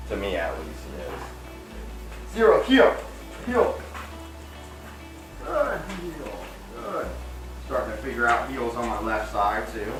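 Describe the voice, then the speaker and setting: Low-voiced man explaining dog training. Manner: calm explaining, with sharp high praise calls to the dog. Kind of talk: casual instruction while training a dog. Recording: roomy distant camera audio with music.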